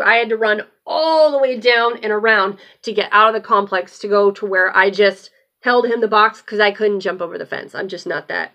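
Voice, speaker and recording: Bright-voiced woman telling a story. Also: mid-range voice. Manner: animated, blunt, swears freely. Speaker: host. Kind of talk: casual storytelling.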